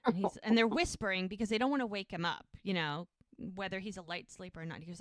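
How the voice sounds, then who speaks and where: A woman's voice: mid-range voice, quick pace, no room sound. A woman co-hosting a podcast, casually retelling TV scenes and quoting the characters' lines. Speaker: podcast co-host recapping episodes. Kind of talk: casual recap chat.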